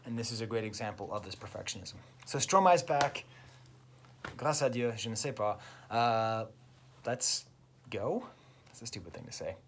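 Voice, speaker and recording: A man's voice: lowish voice, lively intonation, moderate pace, a bit bright, slight background noise. A man, a French teacher, enthusiastically explaining song lyrics step by step in a casual video lesson. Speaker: French teacher and music reviewer.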